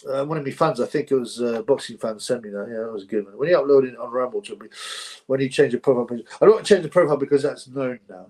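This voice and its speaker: A man's voice: mid-range voice, very fast, a little mellow. A man from England hosting a boxing livestream, reading viewer comments aloud in a rambling, blunt, mocking way with many restarts.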